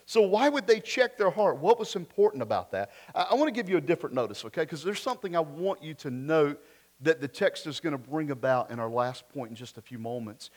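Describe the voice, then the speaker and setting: A man preaching a sermon, switching between loud emphatic lines and quiet asides, and putting rhetorical questions to the congregation. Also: a little high. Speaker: pastor.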